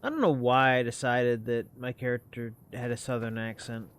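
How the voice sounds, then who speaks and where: A man's voice: mid-range voice, fairly even intonation, moderate pace, fairly bright tone, clean tone. A man streaming a video game, talking through it in casual commentary with wry, muttered asides to himself.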